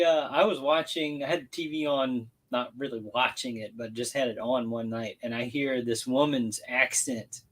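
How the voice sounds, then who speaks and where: A man's voice: mid-range voice, fairly bright tone. Easygoing man from Louisiana, laughs a lot. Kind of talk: casual chat on a live stream. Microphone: video call.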